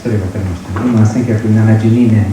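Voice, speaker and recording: Male stage interpreter; fast, hesitant delivery, recorded from afar in a reverberant, noisy hall. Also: fairly low pitch, steady tone. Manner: halting, many hesitation fillers. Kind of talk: live consecutive interpreting. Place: stage in a large hall before an audience. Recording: echoey hall, distant mic, room noise.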